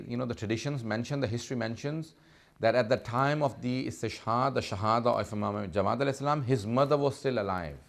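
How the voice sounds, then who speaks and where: A man's voice: medium pitch, creaky. A man preaching a sermon, telling a sad story with growing emotion. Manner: impassioned, rising in grief.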